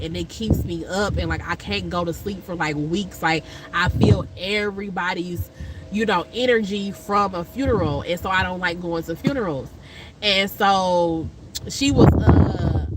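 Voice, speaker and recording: A woman vlogger, telling a rambling personal story with many fillers and loud, high impressions of other people. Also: background noise. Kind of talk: casual storytelling chat.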